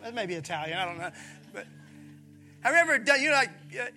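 A pastor from preaching a sermon, animated, acting out voices and calling on his listeners. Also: high voice, fast talker, faint music behind. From Mississippi, USA. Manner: animated, acts out voices, calls on the congregation.

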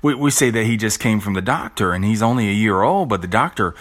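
A middle-aged man with a very low, deep voice talks through a motivational monologue as a podcast host. He speaks conversationally, often restarting and repeating words, with blunt and earthy asides. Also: expressive, fast, fairly bright tone.

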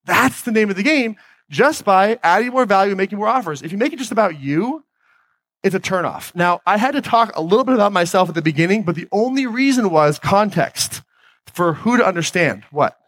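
A man's voice: high-pitched, expressive, brisk, a bit bright, dry recording. A man giving a motivational talk on stage, speaking conversationally and putting questions to his audience. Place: stage before a live audience.

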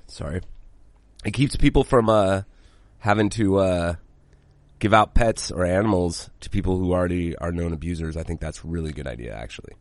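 A man with a very low voice co-hosts a casual podcast. He talks bluntly, swears freely, and rambles through restarts. The recording is close and dry. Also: normal speed, pauses often, no room sound. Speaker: podcast co-host. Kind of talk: casual chat.

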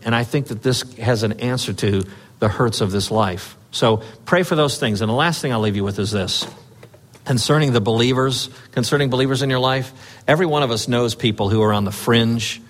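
A man preaching a conversational sermon as pastor, telling a personal story with earnest urging and frequent fillers. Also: medium pitch.

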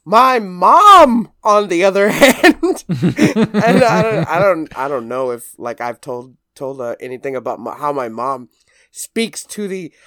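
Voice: medium pitch, big pitch swings, a little slow, bright, forceful tone, no room sound. Rambling, swearing podcast guest, dry close sound. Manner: rambling, swears freely, fills with "like", mimics others. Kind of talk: casual storytelling.

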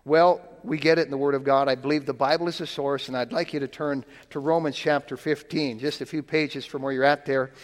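A man preaching a sermon in a folksy, plain-spoken way, stumbling over repeated words and slowing down to read scripture. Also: mid-range voice, fairly even intonation, big-room sound.

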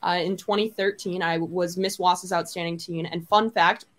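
A woman's voice: lowish voice, fairly even intonation, fairly bright tone. A young woman from Wisconsin, a pageant winner being interviewed, chatting in a bubbly way and laughing often. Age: young adult. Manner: bubbly, laughs often, speaks in quick upbeat bursts. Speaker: guest, reigning Miss America. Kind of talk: casual interview chat.

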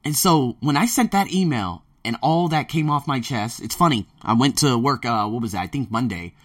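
A man hosting a casual monologue podcast as a language teacher working abroad, telling stories in an animated way and swearing freely. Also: mid-range voice, moderate pace. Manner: animated storyteller who acts out his own quotes, swears freely. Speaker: podcast host.

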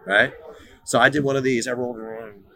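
A middle-aged former pro soccer player tells stories as a guest in a relaxed interview, often repeating words as he begins a sentence. His medium-pitched voice is bright and forceful, fairly quick, with little pitch movement.

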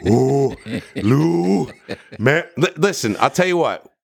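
A man from New Jersey telling stories in casual podcast chat, profane and animated. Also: medium pitch, takes it slowly, gravelly. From New Jersey, USA.

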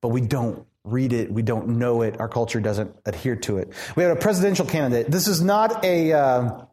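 A man pastor preaching a sermon in an animated, conversational way, asking the congregation questions. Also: mid-range voice, moderate pace. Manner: animated, conversational, acts out quoted voices.

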